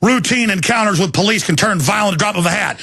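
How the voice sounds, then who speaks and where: A man hosting a talk show, delivering an impassioned, ranting monologue that swings into shouting and slow, emphatic stresses. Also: sits high, lively intonation, creaky, husky. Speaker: radio talk show host.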